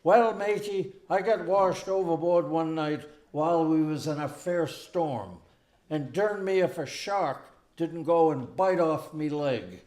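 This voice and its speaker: A man's voice: on the high side, takes it slowly, darkish tone, reverberant. A man putting on the voice of a boastful old male pirate who talks in a rustic sailor dialect. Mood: gruff.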